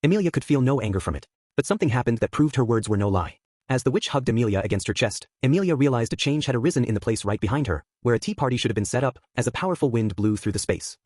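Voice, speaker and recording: A man narrating a light novel audiobook in a brisk, even reading. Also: medium pitch, no room sound. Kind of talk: scripted narration.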